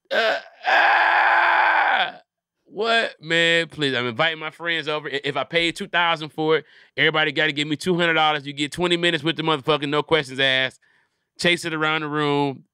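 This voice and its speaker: A man's voice: fairly high pitch, pushed and bright, clean tone, dry recording, studio quality. A man hosting a comedy podcast, riffing in casual profane chat and acting out little scenes.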